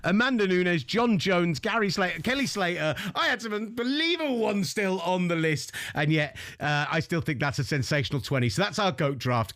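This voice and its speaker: A man hosting a casual sports talk show, excitable and playful, with bursts of mock outrage. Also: a little high, no echo, clean studio sound. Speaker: show host. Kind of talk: casual sports radio chat.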